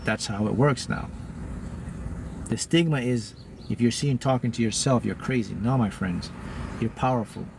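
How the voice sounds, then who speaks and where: A man teaching manifesting to a live audience in an emphatic, repetitive style, often jumping into loud, high-pitched bursts. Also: normal speed, vocal fry, pauses often, noisy background. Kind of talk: motivational talk to a live audience.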